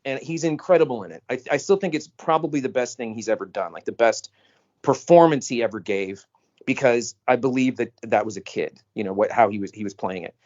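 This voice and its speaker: A man co-hosting a podcast in casual chat, talking animatedly and jumping up in pitch when he quotes people. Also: brisk, a little mellow, muffled recording. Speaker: podcast co-host. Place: on a phone call.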